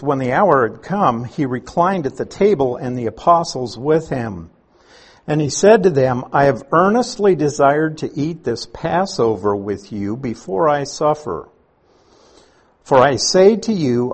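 A man preaching an expository sermon, explaining scripture in a slow, teaching manner. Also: medium pitch, slightly rough.

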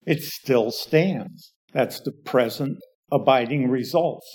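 A male Bible teacher works through a passage at an unhurried, measured pace. His voice sits a little higher than most men's. He leans on key words as he explains points of grammar to his listeners. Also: a little mellow.

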